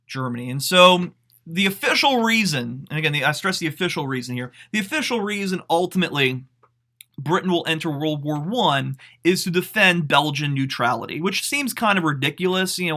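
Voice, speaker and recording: Guy teacher lecturing online, kinda high bright voice, lots of ums and you knows. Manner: casual, conversational explaining with frequent "um" and "you know"; poses questions to students. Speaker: high school history teacher.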